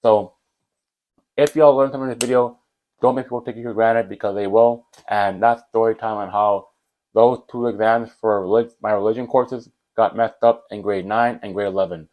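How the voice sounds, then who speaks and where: A young man, rambling and animated as he tells a casual storytime about school. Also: fairly low pitch, normal speed, rough recording. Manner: animated, rambling, with fillers like whatever and blah blah. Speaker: vlogger.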